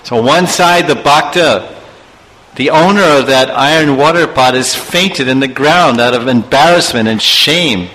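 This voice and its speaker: A man's voice: medium pitch, a little slow, pushed and bright, in a large hall, a little hiss or hum, rough recording. A man teaching a sermon through a story, with chuckling asides and chanted verses. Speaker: spiritual teacher.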